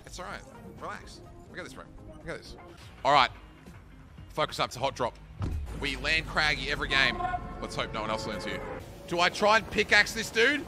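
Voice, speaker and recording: Excitable swearing gamer man, lively pitch. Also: moderate pace, long pauses, music in the background. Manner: excitable, swearing, yells at opponents. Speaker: streamer playing a battle royale tournament. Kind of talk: live gaming commentary to chat.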